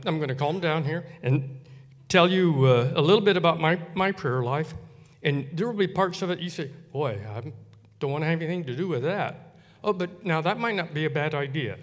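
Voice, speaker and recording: A man giving a personal testimony in church, earnest and halting with many fillers. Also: fairly high pitch, big-room sound.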